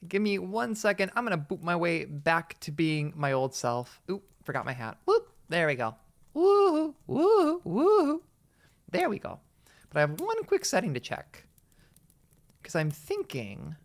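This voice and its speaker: Chatty woman, animated pitch, giggly live-stream banter. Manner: chatty, giggly, thinks out loud. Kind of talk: live game stream, reading and commenting.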